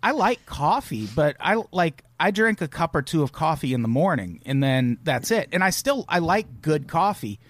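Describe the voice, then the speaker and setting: Man, podcast co-host, lively up-and-down voice, sarcastic, dry close sound. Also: on the high side, normal speed, hardly any pauses, no room sound. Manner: animated, sarcastic, swears freely. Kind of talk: casual comedic chat.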